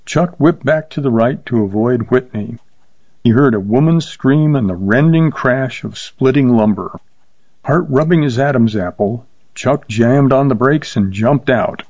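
A man narrating a short story in a steady, measured reading voice. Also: medium pitch, dry recording, highs cut off. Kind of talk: scripted narration.

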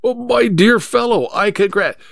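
Reading an audiobook, a man voices an anxious, earnest male companion who pleads in alarm, pitching himself above his own natural voice. The tone is worried, high-sitting and a bit bright with vocal fry, at normal speed, in a dry, clean studio recording.

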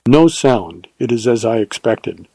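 A male narrator giving voice to a devoted frontier ranger in a western audiobook, speaking in a quiet, earnest and steady way. His tone is mellow and warm. The recording is close and dry. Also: mid-range voice, unhurried, gravelly, husky, no room sound, heavily acted. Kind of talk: audiobook character reading.

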